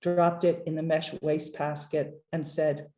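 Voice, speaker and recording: Woman poet, middle-aged; careful, measured poetry reading with hesitant asides. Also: deep voice, flat delivery, warm tone. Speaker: poet reading at her book launch.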